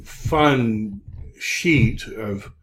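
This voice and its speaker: A man teaching a recorded Hebrew lesson, speaking haltingly with many fillers and drilling word forms. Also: lowish voice, fairly bright tone. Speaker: Hebrew instructor. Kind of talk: recorded lecture.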